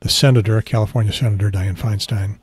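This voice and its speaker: Male podcast host, husky and low, dry close sound, hushed rambling delivery. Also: steady tone, fast, dry recording. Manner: rambling, self-correcting, quiet. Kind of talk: casual solo podcast talk. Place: outdoors on a beach trip.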